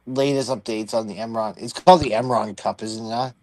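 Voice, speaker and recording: A man's voice: fairly low pitch, steady tone, brisk, darkish tone. A man co-hosting a casual sports talk show, thinking aloud with frequent restarts and fillers. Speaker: podcast co-host.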